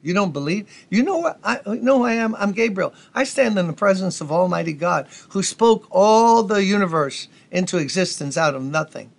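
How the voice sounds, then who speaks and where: A man's voice: high voice, animated, normal speed, creaky, few pauses. A man voicing the angel Gabriel as an imposing, indignant male figure with a brash New York accent. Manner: brash, challenging, rhetorical questions.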